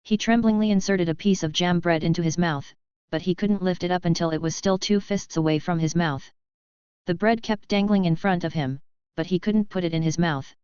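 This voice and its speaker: A woman reading a fan-fiction audiobook in an even, unhurried scripted narration. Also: fairly low pitch, clean tone, no echo, muffled recording.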